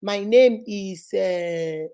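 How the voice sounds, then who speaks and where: A woman's voice: mid-range voice, very slow, dark tone, clean tone, pitched below the performer's own voice. A woman voicing a male reverend who pleads and asks for favors. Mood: pleading.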